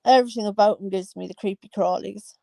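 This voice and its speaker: A woman in her thirties chats through her opinions, breaking into exclamations and laughs. Her voice has a gravelly edge. The sound is dry and close. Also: medium pitch, fairly even intonation, fast talker, dark tone, no echo. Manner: gossipy, exclaims and laughs often. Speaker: commentary vlogger. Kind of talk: casual chat.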